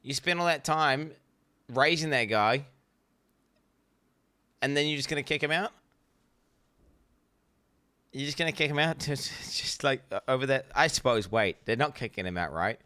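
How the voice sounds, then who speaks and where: A man's voice: medium pitch, lively intonation, normal speed, long pauses, sharp tone, no room sound, clean studio sound. A man, streaming and giving blunt, rambling reaction commentary, swearing freely.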